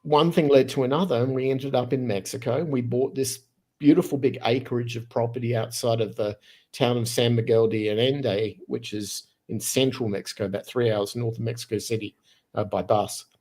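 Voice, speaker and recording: Man, fifties, from Australia, podcast guest, lively casual storytelling, restarts phrases, mid-pitched voice. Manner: animated, quick storyteller who restarts phrases.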